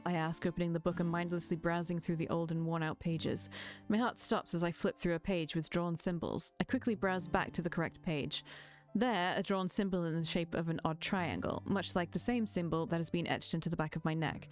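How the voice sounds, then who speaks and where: A woman's voice: fairly low pitch, steady tone, a little fast, faint music behind. Woman reading a visual novel aloud.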